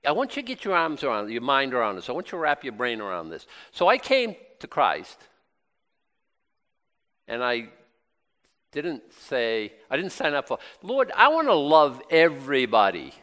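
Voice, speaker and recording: Male preacher, middle-aged, bright ringing tone, conversational sermon, rhetorical questions. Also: medium pitch, wildly swooping pitch, normal speed, long pauses, in a large hall.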